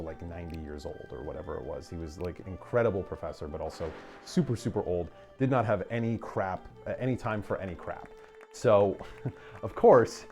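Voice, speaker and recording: A man with a medium-pitched, somewhat dark voice chats casually while livestreaming a game speedrun. He tells rambling, self-deprecating stories packed with fillers.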